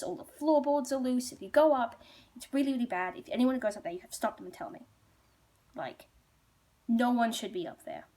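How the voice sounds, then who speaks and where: A woman's voice: a little high, a little mellow. A woman storyteller voicing a middle-aged farmer father in her own voice, giving rambling, offhand instructions.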